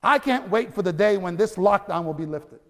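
A man with a high, light voice preaches a sermon in a reverberant church hall. He speaks in a lively, conversational way, stumbling over restarts and rising to loud cries at the climaxes. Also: normal speed. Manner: stammering restarts, conversational asides. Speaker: pastor.

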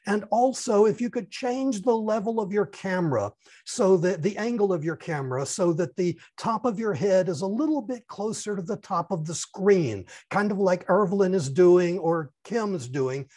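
A man's voice: high voice, expressive, moderate pace, mellow. A man giving a formal, courteous speech evaluation over a video call and lingering on key phrases.

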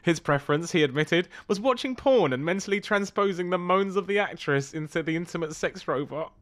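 A man's voice: high voice, expressive, fairly quick, a bit bright. A young man co-hosting a podcast, reading out strange news stories, stumbling over words and breaking into laughter. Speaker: podcast co-host.

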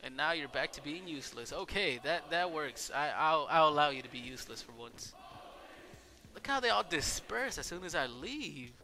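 Excitable, bright-voiced man playing a game. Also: a little high, normal speed, a little hiss or hum. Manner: excitable, swearing, yelling at the game. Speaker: gameplay commentator. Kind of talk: let's play commentary.

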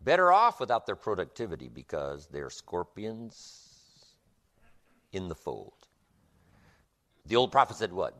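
A man's voice: sits low, wildly swooping pitch, measured pace, pauses often, a bit bright. A man giving a motivational speech, emphatic, with rhythmic repetition. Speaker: motivational speaker.

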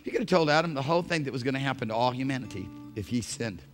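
A male pastor preaching a sermon in church, swinging from hushed, intimate phrases to shouted emphasis. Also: medium pitch, animated, rapid-fire, faint music behind. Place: church sanctuary.

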